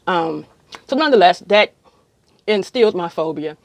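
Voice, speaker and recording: A woman's voice: fairly low pitch, expressive, normal speed, no echo. A middle-aged woman casually telling a long, rambling story to camera with many ums. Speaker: vlogger.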